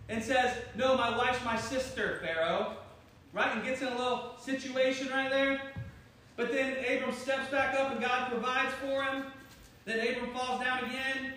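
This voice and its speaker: Very high-voiced joking preacher man. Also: a bit bright, far from the mic. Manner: joking, self-deprecating, teasing the congregation. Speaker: pastor. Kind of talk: sermon. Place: church hall. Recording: very echoey room, voice from afar, faint noise.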